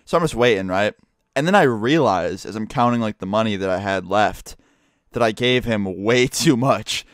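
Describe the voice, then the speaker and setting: A man's voice: fairly low pitch, moderate pace, dry recording, clean studio sound. A teenage boy telling a casual storytime, rambling and profane, full of fillers. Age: teens.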